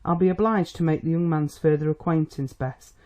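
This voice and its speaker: A reader voicing a stern, worried old country doctor who is a protective father, speaking in a gruff, testy, dry way, with a mellow tone. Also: medium pitch, a little fast, close to an everyday voice. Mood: grim.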